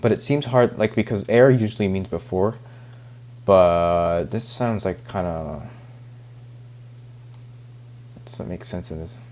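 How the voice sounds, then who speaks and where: A man's voice: sits low, measured pace, long pauses, darkish tone. A young man reading a novel aloud and stopping to puzzle over words, muttering, cursing and dropping into whispers. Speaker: reader.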